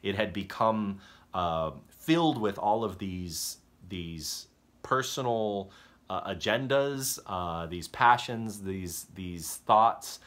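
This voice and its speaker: A man preaching a conversational sermon as pastor, halting and restarting often, and acting out the voices of story characters. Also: fairly low pitch, expressive, a bit bright. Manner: halting, self-correcting delivery that acts out story characters.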